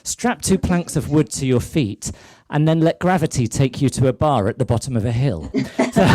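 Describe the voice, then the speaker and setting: A man's voice: medium pitch, normal speed, hardly any pauses, dark tone, no room sound. A man hosting a live online show as a drag queen, telling rambling, sweary comic stories into a mic on a stand and laughing at his own jokes. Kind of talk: casual comic storytelling. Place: home set during lockdown. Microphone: microphone on a stand.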